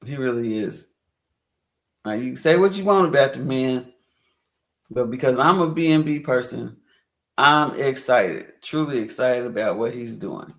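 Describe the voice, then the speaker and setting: A man hosts a casual livestream into a computer mic. His voice is gravelly with a lot of fry and sits at a middle pitch. He talks in an upbeat, rambling way, laughs often and repeats phrases. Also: a little slow, fairly bright tone. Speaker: livestream host.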